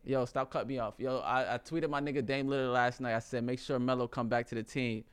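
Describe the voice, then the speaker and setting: A young man co-hosting a podcast, joking and swearing in quick casual talk about music and basketball. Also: mid-range voice, steady tone, clean tone. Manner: quick, joking, profane banter. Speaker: podcast co-host. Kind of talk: casual chat.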